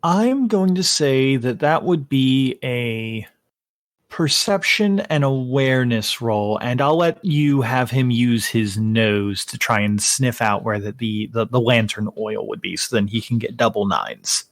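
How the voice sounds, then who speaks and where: A man narrating as game master, unhurried, with frequent fillers and self-corrections. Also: mid-range voice, no room sound.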